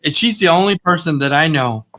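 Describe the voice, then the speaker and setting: A man with a bright, somewhat high voice chats on a podcast, spinning loose stories. He stumbles and repeats himself and swears freely, in an easygoing, conversational way. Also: animated, fairly quick, poor audio. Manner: rambling, profane storytelling with repeated words. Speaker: podcast host. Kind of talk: casual podcast chat.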